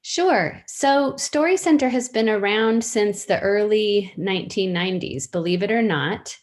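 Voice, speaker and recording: A woman in her fifties, a guest on a podcast interview, talking casually and thoughtfully about her work, often pausing with fillers and restarting sentences. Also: mid-range voice. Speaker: interview guest, storytelling practitioner.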